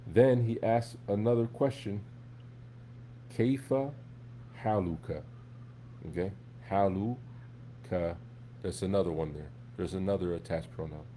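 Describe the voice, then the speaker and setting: A man teaching an Arabic class in a relaxed, conversational way, often checking in with his students. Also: low-pitched, moderate pace, slight background noise. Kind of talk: live classroom lesson.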